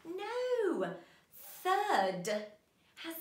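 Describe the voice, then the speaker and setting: A woman teaching a children's phonics lesson, animated and encouraging, stretching out sounds slowly. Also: extremely high pitch, reverberant.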